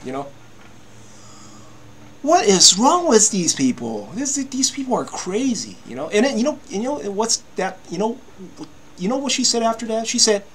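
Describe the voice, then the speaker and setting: A vlogger in his fifties rants agitatedly to camera at a normal speed, his high, husky, fairly bright voice swooping up and down in a sing-song way as he complains. He stumbles into restarts, leans on "you know," and swears freely and casually.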